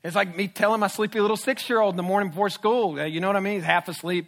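A male pastor preaching a sermon, animated, with swings from hushed to loud. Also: high voice, very fast, hardly any pauses.

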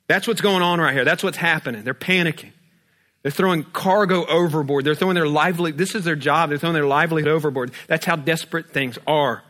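Preaching man with a higher voice. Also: a bit bright. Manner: rhetorical questions, humorous everyday asides. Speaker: pastor. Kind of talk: sermon.

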